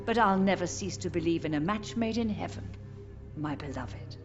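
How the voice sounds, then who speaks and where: A woman voicing a grieving elderly mother in a game, speaking softly and tenderly, with a gentle, sorrowful manner. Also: lowish voice, expressive, moderate pace, muffled recording, over music, lightly acted. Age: older. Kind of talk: game voice acting.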